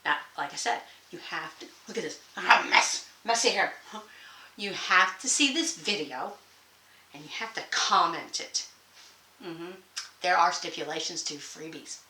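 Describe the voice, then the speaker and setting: A woman's voice: fairly low pitch, normal speed, bright, forceful tone. A woman, hosting a casual sewing vlog from her sewing room, folksy and rambling with frequent laughs. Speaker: sewing channel host. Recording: echoey room, faint noise.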